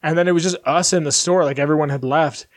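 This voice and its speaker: A man's voice: a little high, steady tone, quick pace, a little hiss or hum. A man hosting a podcast, telling stories in a rambling, casual way and swearing freely. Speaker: podcast host. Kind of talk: casual chat.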